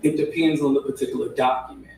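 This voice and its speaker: A man's voice: medium pitch, steady tone, quick pace, vocal fry, darkish tone. A man testifying as a records custodian, picking his words carefully and checking in with "right?". He sounds distant, caught from across a heavily echoing courtroom with faint hiss underneath. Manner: hedging, repeats "right?" to check in. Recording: echoey room audio from far off, faint hiss.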